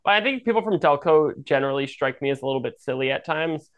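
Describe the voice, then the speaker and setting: A man's voice: a little high, animated, fast talker, smooth. A man from the Philadelphia area co-hosting a podcast, giving his opinions bluntly and wryly. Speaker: podcast co-host. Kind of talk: casual chat.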